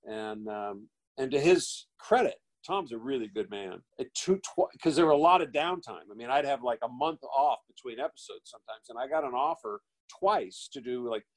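A middle-aged man and actor, a guest telling casual anecdotes in a rambling, animated way with frequent restarts. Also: mid-range voice, moderate pace, rough recording. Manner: rambling, animated storyteller who restarts phrases and acts out quoted voices.

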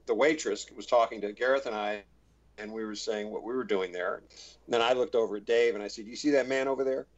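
Chatty man telling set stories, muffled audio. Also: lowish voice. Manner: chatty, many restarts, acts out quoted voices. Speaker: actor guest. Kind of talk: relaxed anecdotal storytelling. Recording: slightly dull, muffled audio.

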